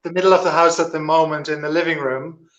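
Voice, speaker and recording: A man's voice: a little high, fast, lo-fi sound. A man on a video call giving a casual, hesitant tour of an old house he is standing in. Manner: relaxed, hesitant, with frequent ums. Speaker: guest on a live video link.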